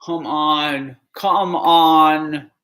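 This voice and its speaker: A man's voice: fairly high pitch, fairly even intonation, extremely slow, sharp tone, reverberant. A man reacting live to a ballgame as a fan streamer, anxious and pleading, with heavy sighs.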